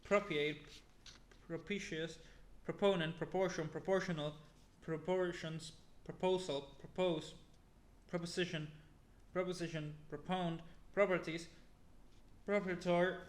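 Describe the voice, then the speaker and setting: A man slowly reading a long list of words aloud one by one, with now and then an exasperated aside. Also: a little high, roomy sound. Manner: slow, flat word-by-word reading with exasperated asides. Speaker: youtuber.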